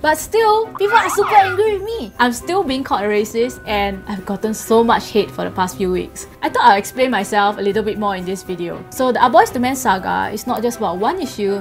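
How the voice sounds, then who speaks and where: A woman's voice: mid-range voice, a little fast, few pauses, over music. A young woman from Singapore, giving a blunt, sarcastic opinion monologue as a vlogger.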